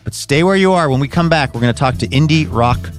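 Radio host guy, smooth announcer read, mid pitch, music loud underneath. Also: fast. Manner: smooth, practiced announcer delivery. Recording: radio studio with music bed.

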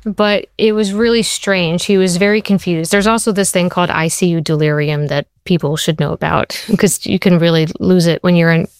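A woman in her forties, a television writer being interviewed, telling animated anecdotes in casual conversation. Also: lowish voice, normal speed, hardly any pauses, smooth, no room sound, clean studio sound. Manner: animated, acts out quoted voices in her anecdotes. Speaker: TV writer and showrunner guest.

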